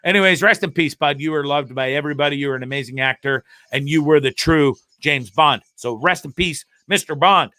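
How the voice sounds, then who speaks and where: Profane ranting man, bright dry voice. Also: on the high side, fairly quick, hardly any pauses, no room sound. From Canada. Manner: profane, ranting and laughing often. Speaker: host of a live web show. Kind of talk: casual live-stream chat.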